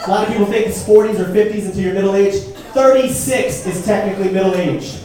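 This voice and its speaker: A man in his thirties delivers a punchy stand-up set on a comedy club stage, asking a laughing crowd questions. His voice sits high with fairly even intonation, and he talks fast. The mic is distant, giving an echoey club recording from afar with loud noise.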